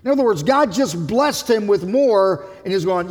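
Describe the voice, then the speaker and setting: Man, pastor, emphatic sermon, high voice, long hall reverb. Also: lively intonation, moderate pace, few pauses, a little mellow. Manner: emphatic preaching, voicing characters from scripture.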